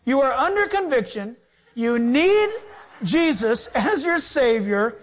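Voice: high-pitched, sing-song, slow, heavily acted. A preacher voicing the Holy Spirit as a firm, coaxing inner voice pressing a listener to respond. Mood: urging.

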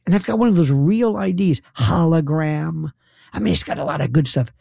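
A man's voice: a little high, fairly quick, gravelly, dark tone, husky, no echo, clean studio sound. A man telling incredulous, sarcastic stories in an opinionated monologue. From New York.

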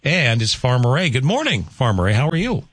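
A man's voice: mid-range voice, brisk, slightly rough, no echo. A man hosting a morning radio show, reading the weather and teasing callers in casual banter. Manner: joking, animated, teasing. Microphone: studio microphone.

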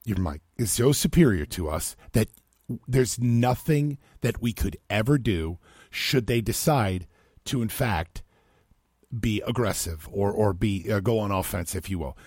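A man's voice: fairly low pitch, expressive, unhurried, a little mellow, husky, no echo, studio quality. A man hosting a talk radio show, chatting loosely and rambling with self-deprecating asides. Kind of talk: casual radio banter.

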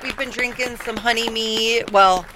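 A woman's voice: fairly high pitch, fairly even intonation, moderate pace, a crowd in the background, low-quality recording. A woman guest on a radio show, chatty and upbeat in the studio. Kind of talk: casual studio chat.

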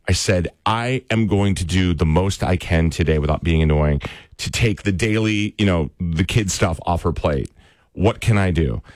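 A man's voice: low-pitched, dry recording, clean studio sound. A man hosting a radio talk show, telling a personal story in a casual, earnest, joking way.

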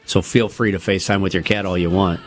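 A man co-hosting a casual morning radio show, reading news items and adding quick asides. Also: sits low, steady tone, soft background music. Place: radio studio.

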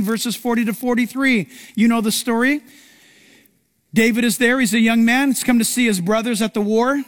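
Heard in a large hall, a male pastor with a high voice preaches, animatedly dramatizing his stories and performing the quotes within them.

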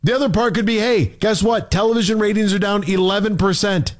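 A man hosting a morning sports radio show, ranting in exasperation with rapid rhetorical questions. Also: sits high. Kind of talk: heated talk radio rant.

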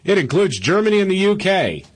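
Husky man running down news on talk radio. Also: high-pitched, fairly quick. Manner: relaxed, chatty news rundown with fillers. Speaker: radio talk show co-host.

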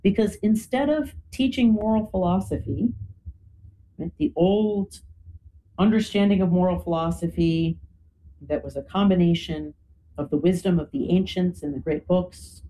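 A woman's voice: on the low side, moderate pace, dark tone, a little hiss or hum, rough recording. A woman explaining history in a conversational talk, often adding "you know" and "right?". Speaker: guest speaker.

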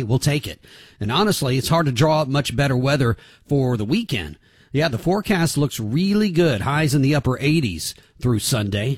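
A folksy man chats away on morning radio. His voice is husky and swings lively up and down. The studio sound is dry and close. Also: mid-range voice, no echo. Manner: folksy, chatty. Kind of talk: casual radio chat. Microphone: studio microphone.

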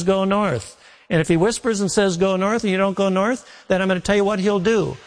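A man preaching a sermon as pastor, telling homely stories and repeating phrases for emphasis. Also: high voice. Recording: long reverb of a large hall.

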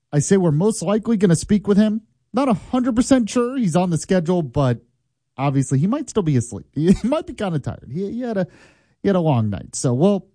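A man's voice: a little high, warm tone, no room sound. A man hosting a morning talk radio show, talking with wry, mock-sad humor.

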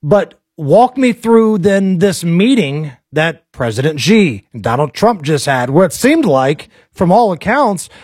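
A man with an American accent hosting a casual political talk show, blunt and animated, pressing his guest with pointed questions. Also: a little high, a little slow, few pauses, slightly rough, no echo, studio quality.

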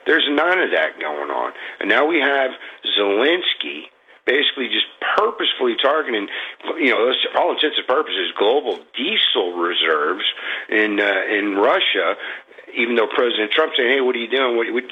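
A man's voice: lowish voice, big pitch swings, normal speed, slightly rough, lo-fi sound. A man calling in to a talk show, venting about politics in a rambling, frustrated way, full of fillers and restarts. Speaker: caller. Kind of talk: political call-in rant. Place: Florida.

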